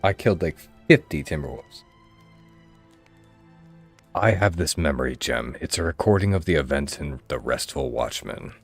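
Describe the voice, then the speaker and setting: A man's voice: extremely low pitch, animated, normal speed, gravelly, pauses often, faint music behind. A man with a Mid-Atlantic accent chatting casually with his viewers while streaming a game. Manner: chatty, joking, addresses chat. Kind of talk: casual gameplay commentary.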